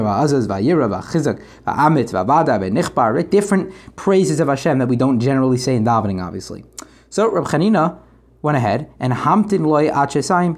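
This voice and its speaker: Quick-talking man teaching Talmud. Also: fairly high pitch. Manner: quick, energetic, reads Aramaic then translates. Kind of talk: daily Talmud class.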